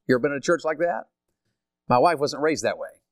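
A man's voice: mid-range voice, fast talker, no echo, clean studio sound. An older man with a Southern accent from Tennessee, preaching a sermon and asking his congregation questions. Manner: animated, asks the congregation questions. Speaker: pastor.

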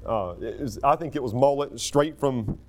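A man preaching a sermon, emphatic and animated, often breaking off and restarting his sentences. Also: mid-range voice, normal speed, a little hiss or hum. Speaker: pastor.

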